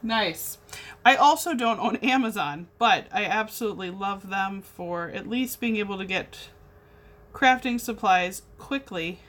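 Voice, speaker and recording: A woman's voice: mid-range voice, measured pace, a bit bright. A young adult woman hosting a craft livestream, chatting in a bubbly way with viewers as she paints. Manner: bubbly, chatty, talks to viewers while working. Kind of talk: casual chat while painting.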